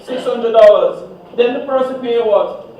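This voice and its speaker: A man's voice: extremely high pitch, unhurried, mellow. Male teacher quizzing his class. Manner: call-and-response questioning, fill-in-the-blank "what?" prompts. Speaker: math teacher. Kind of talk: classroom exam walkthrough. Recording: echoey room, distant, dull.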